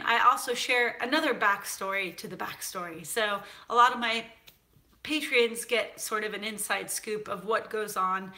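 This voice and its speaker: A woman from San Francisco hosts a cooking show, chatting casually in a live stream as she reads viewer comments, animated and full of fillers. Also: fairly high pitch. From United States (San Francisco).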